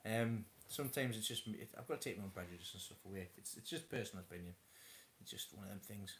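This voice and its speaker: A man's voice: on the low side, fast talker, fairly bright tone, a little hiss or hum. A man hosting a casual live chat from home, rambling with many stammered restarts. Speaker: host of a live stream.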